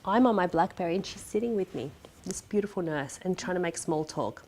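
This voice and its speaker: A slightly low-voiced woman tells her own story as a podcast guest. She acts out the people she quotes, and at the hardest parts her voice drops to a near-whisper. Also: animated, brisk, a little mellow, slight background noise. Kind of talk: personal storytelling interview.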